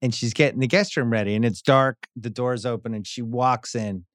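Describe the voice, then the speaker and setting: A man's voice: medium pitch, fairly even intonation, normal speed, dry recording, clean studio sound. A middle-aged man hosting a casual podcast, telling a long story and acting out quotes in a raised voice. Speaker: podcast host.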